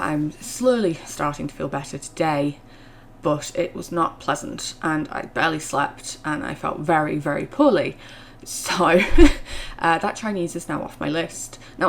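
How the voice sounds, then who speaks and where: Chatty woman telling a story. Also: slight background noise. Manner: chatty, many fillers, gets louder and higher when indignant. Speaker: vlogger. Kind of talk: casual storytime vlog.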